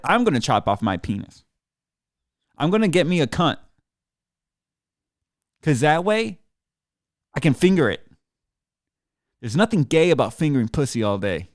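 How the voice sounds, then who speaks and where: Alone on his podcast, a man rants at his listeners in a sarcastic, profane monologue, speaking into a desk mic in front of a computer in a small studio. His voice is on the high side and very animated, at a moderate pace with long pauses and no echo.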